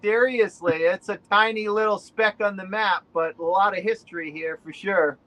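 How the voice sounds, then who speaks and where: Chatty Boston-accented man, higher voice. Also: moderate pace, dull audio. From Rhode Island. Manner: rambling, chatty, with many fillers. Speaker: guest. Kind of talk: casual chat on a video call.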